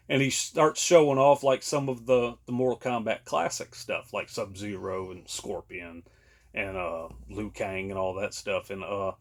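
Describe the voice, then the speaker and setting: A man's voice: medium pitch, fairly even intonation, moderate pace. A man, co-hosting a podcast in casual chat, rambling with many fillers and laughing often. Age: late 30s. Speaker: podcast co-host.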